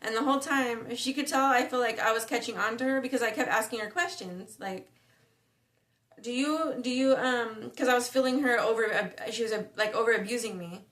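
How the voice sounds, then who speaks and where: A woman's voice: a little high, brisk, fairly bright tone. A woman telling a personal story in a casual, rambling way, full of slang, fillers and restarts. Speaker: spiritual vlogger.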